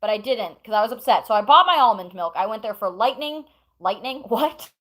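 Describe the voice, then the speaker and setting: A woman's voice: medium pitch, animated, fast talker, fairly bright tone, poor audio. A woman streamer at home telling chat a long story in a casual, rambling way, breaking off to talk to chat and her pets.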